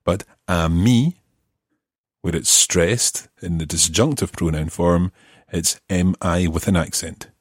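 A man's voice: low voice, slow, husky, no echo, clean studio sound. A man teaching a language lesson, explaining grammar patiently and methodically.

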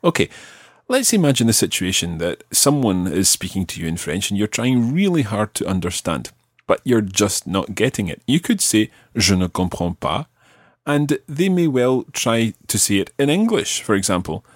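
A man hosting a podcast language lesson, patiently prompting a learner and slowing down for example phrases. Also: on the low side, sing-song, dry recording, studio quality. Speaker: language teacher and podcast host.

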